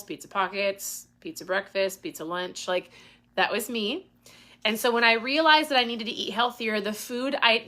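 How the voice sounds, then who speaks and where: A woman's voice: mid-range voice, sharp tone. A woman hosting a casual live Q&A, talking with intensity and getting worked up. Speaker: host.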